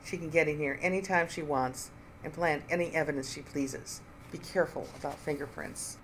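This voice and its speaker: A reader voicing a composed female professor in her fifties who speaks flatly and coldly. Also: medium pitch, normal speed, a little hiss or hum, natural voice, rough recording. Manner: flat, calm and cold.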